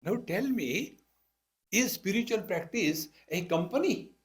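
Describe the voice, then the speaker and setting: A man's voice: sits high, expressive, a little slow. A man with an Indian accent giving a spiritual discourse, telling stories and acting out the dialogue with wry humor. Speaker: spiritual teacher. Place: talk to a live audience.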